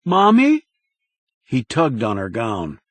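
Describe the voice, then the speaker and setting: Brief: husky male narrator for a thriller audiobook, slow and very expressive, dry studio sound. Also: medium pitch, no echo. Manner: slow, measured, dramatic reading.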